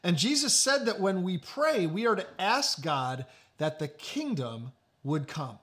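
Male preacher, high and animated voice, emphatic delivery with repeated phrases. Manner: emphatic, repeats key phrases, slows for stress. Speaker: pastor. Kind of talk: sermon.

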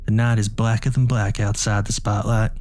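A man reading a first-person horror story in a quiet, measured way. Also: fairly low pitch, flat delivery, slight background noise. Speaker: narrator. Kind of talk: scripted horror story narration.

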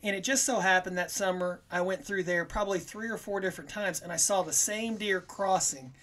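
A man telling a long hunting story on a casual podcast, rambling and animated, acting out what people said. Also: high voice, a little fast. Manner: rambling, animated, quotes himself in little voices.

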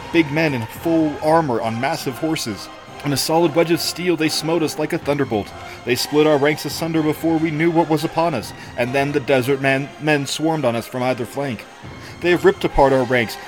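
A man's voice: fairly high pitch, close to an everyday voice. A man voicing a dying male priest who shrieks frantic battle news through a crystal ball, in a story read aloud. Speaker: co-reader.

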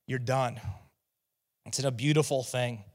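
A man delivering a sermon at a middle pitch, talking easily to the congregation with restarts and little asides. He rises now and then into loud, emphatic proclamations on the key phrases. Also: fairly even intonation, a little slow. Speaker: teaching pastor.

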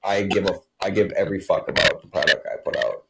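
A man's voice: low-pitched, fast, vocal fry, heavy background noise. A man who works as a kitchen cook, talking casually and bluntly with plenty of swearing. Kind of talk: casual chat.

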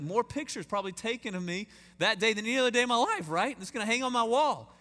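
A man's voice: high voice, fast, few pauses, bright, forceful tone. A man in his thirties from East Texas with a Texan accent, preaching a sermon as a guest and telling stories with folksy, self-deprecating humor. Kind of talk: storytelling sermon. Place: large church sanctuary. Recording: echoey church hall reverb.

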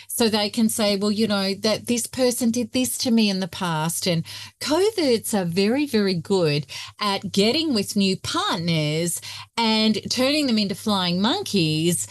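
A woman, a guest expert, talking emphatically and passionately in an interview, telling her story with lively emphasis. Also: mid-range voice, no echo, clean studio sound. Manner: emphatic, passionate, often acting out quoted voices. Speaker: guest expert on narcissistic abuse.

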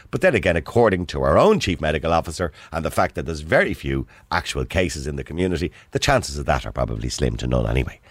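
A man's voice: rumbling low, dry recording. A middle-aged man with a Dublin accent hosting a call-in radio show, chatty and opinionated, laughing easily. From Dublin, Ireland. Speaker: radio talk show host. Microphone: studio microphone.

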